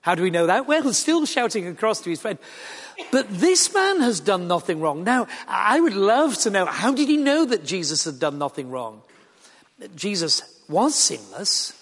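A man's voice: high voice, expressive, moderate pace, a bit bright. A middle-aged man with a Yorkshire accent preaching a sermon in a church, earnest and conversational with wry asides. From Yorkshire, England. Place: church or large hall. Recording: long reverb of a large hall.

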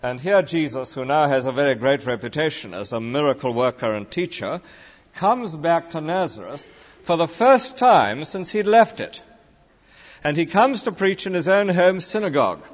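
A man preaching a sermon in a measured, emphatic, lecturing way. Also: fairly high pitch, very animated. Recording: dull lo-fi recording with long reverb.

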